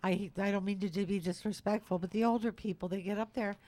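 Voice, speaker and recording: A woman co-hosting a talk show, commenting warmly. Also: mid-range voice, steady tone, a little fast, no room sound.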